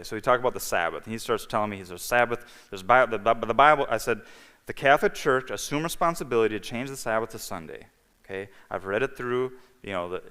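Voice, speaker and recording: Low-voiced man telling a story in a reverberant hall. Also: creaky, fairly bright tone. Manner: storytelling, acting out dialogue, frequent "okay?" and "you know". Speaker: guest speaker. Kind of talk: personal testimony in a sermon. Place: church hall. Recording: livestream with long hall reverb.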